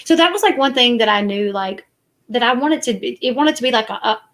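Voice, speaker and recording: A woman's voice: a little high, animated, brisk. A woman, chatting casually and defensively to her live stream viewers. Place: parked car at night.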